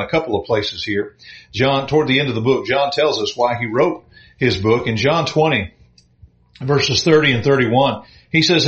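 Man, preacher, earnest sermon, mid-pitched voice, dull lo-fi sound. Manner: earnest, reads scripture slowly and emphatically. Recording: echoey dull room sound.

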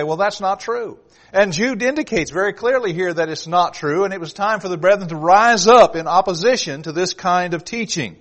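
A man's voice: high-pitched, fairly bright tone. A man preaching an evening sermon, reading scripture aloud and driving his points home with emphasis. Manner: emphatic, reads scripture aloud with rising force.

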